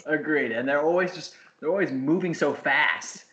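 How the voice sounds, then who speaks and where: Laughing man with a bright, roomy voice. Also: on the high side, a little slow, muffled recording. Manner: laughing often, acting out gym scenes. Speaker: podcast co-host. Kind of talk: casual chat. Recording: roomy with faint background noise.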